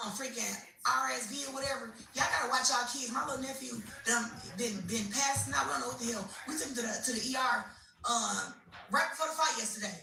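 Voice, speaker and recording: Hoarse lady boxer cussing n hyping on a phone livestream, real echoey room, mic kinda far. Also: a little high, quick pace, slight background noise. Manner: excitable, profane, addresses viewers directly. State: hoarse from a cold. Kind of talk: casual livestream chat. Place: indoors, at home.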